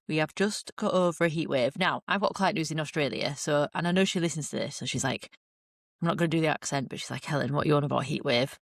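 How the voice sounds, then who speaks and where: A woman's voice: fairly low pitch, dry recording, studio quality. A British woman hosting her own podcast as a fitness coach, chatting casually and rambling off on tangents. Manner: chatty, rambling, digressive, upbeat. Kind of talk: casual solo podcast chat.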